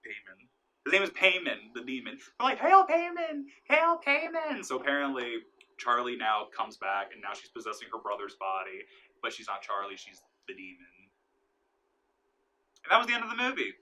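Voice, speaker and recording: A young man casually recapping a horror movie plot, swearing often and acting out scenes with sudden shouts. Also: on the low side, a little fast, low-quality recording. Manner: excited, profane, acts out scenes with sudden shouts. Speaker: movie reviewer.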